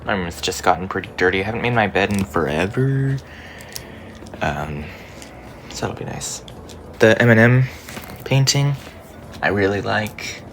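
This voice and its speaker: A man's voice: lowish voice, expressive, measured pace, long pauses, a little hiss or hum. A man chatting casually at home, hesitant and trailing off with ums. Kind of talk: casual vlog chat.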